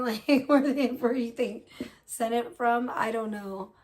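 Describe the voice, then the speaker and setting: A woman's voice: fairly high pitch, fairly even intonation, measured pace, a little mellow. A woman hosting a casual livestream, gossiping and reacting to chat, swearing freely. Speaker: livestream host.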